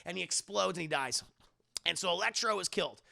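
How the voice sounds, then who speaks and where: A young man streaming a casual, profane film recap, animated and full of acted-out lines. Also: sits high, brisk, vocal fry. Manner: animated, profane, acts out scenes in voices. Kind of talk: casual chat.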